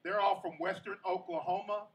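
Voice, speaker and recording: A young man from Kansas doing animated stand-up, teasing the crowd and repeating his punchlines. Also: high-pitched, brisk, distant mic, poor audio. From Kansas, USA. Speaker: stand-up comedian. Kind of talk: stand-up comedy. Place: comedy stage.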